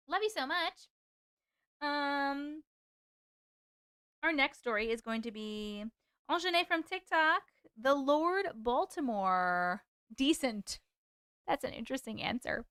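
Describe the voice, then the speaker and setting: A woman with a high-pitched, fairly bright voice hosts a live stream in clean studio quality with no echo. She chats casually with viewers, laughs often, swears now and then, and later reads their stories aloud.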